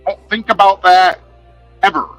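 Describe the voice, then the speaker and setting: A man with a high, bright voice that swings widely as he rants at his chat in a casual livestream. He talks in a profane, confrontational, sarcastic way. The sound is dry and close, with faint music playing behind him. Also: steady tone, measured pace, no room sound, low-quality recording.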